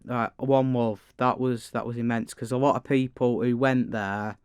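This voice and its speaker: Cheeky teenage lad with a Manchester accent. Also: male voice, medium pitch, steady tone, normal speed, clear, resonant tone, no room sound. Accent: Mancunian. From Greater Manchester. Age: teens. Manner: cheeky, chatty, stumbles over words. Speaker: studio guest. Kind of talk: radio interview. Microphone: studio microphone.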